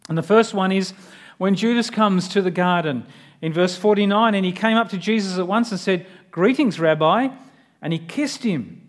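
Earnest high-voiced preacher. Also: male voice, normal speed. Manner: earnest, conversational, asks the listener direct questions. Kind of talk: sermon.

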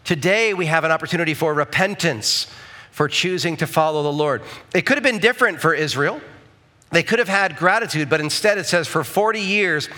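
A man's voice: on the high side, a little fast, sharp tone. A male pastor preaching a conversational sermon in church, often checking in with the congregation with asides.

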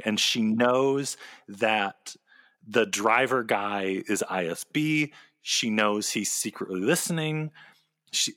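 Animated man with a bright, dry voice. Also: lowish voice, no echo. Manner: animated, fast bursts, laughs often. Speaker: podcast co-host. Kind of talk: casual chat recapping a TV episode.

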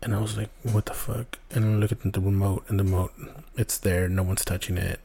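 Male podcast host, low, dark husky voice, rambling casual storyteller who swears. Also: little pitch movement, fast. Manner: rambling, swears often, restarts a lot.

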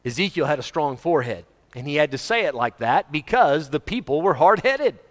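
A middle-aged man preaching a sermon, swinging between booming shouts and soft asides and chuckling often. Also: very animated, brisk. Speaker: pastor. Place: church hall. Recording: reverberant church hall.

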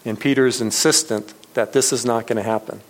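A man's voice: medium pitch, fairly even intonation, a little fast, low-quality recording. A man in his thirties preaching a sermon as pastor, talking in a loose, conversational way with many fillers and restarts, and chuckling often. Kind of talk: casual sermon.

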